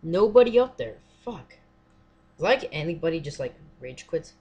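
A gamer in casual let's-play commentary who fills speech with "like" and "seriously," swears constantly and yells at jump scares. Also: medium pitch, big pitch swings, moderate pace. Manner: filler-heavy, says "like" and "seriously" often. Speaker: gamer playing a horror game.

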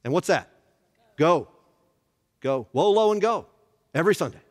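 A man's voice: a little high, normal speed, in a large hall. A man teaching a church Bible study, asking the room questions as he goes. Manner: animated, asks the room questions. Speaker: pastor.

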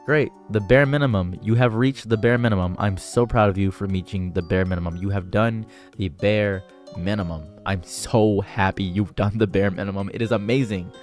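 A man's voice: on the low side, fairly even intonation, moderate pace, few pauses, darkish tone, soft background music. A man hosting a commentary video, lecturing on dating in a sarcastic, preachy way and mocking others with exaggerated voices. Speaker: commentary channel host.

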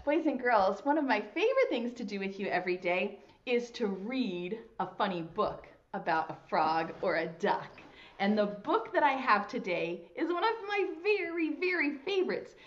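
A woman preschool teacher talking to young children on video in a sing-song, slow, exaggerated way, full of praise, at her school. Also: fairly high pitch, sing-song. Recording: roomy, slightly dull lo-fi sound.

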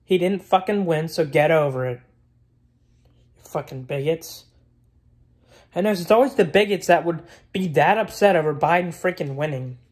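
A vlogger rants casually to camera in a fairly high, slightly mellow and husky voice, at a moderate pace with long pauses. Blunt and opinionated, he rambles, circles back to the same points, and swears freely.

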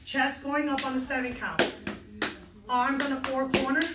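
A woman's voice: sits high, little pitch movement, normal speed, roomy sound, heavy background noise. Upbeat woman teaching step, counting beats. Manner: upbeat and encouraging, counts aloud. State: a little out of breath. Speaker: step dance instructor. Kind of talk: online dance lesson, counting out beats. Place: dance studio.

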